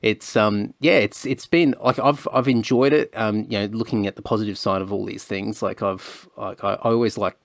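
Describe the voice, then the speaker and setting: Rambling, low-voiced man. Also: fairly even intonation, normal speed, gravelly, hardly any pauses, no echo, clean studio sound. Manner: rambling, hedging with fillers. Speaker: podcast host. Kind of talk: casual chat.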